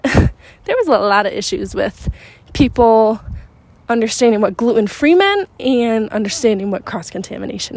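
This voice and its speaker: A bubbly podcast host chats casually while walking through a windy neighborhood, rambling excitedly and a bit out of breath. Her voice is slightly high, with no echo.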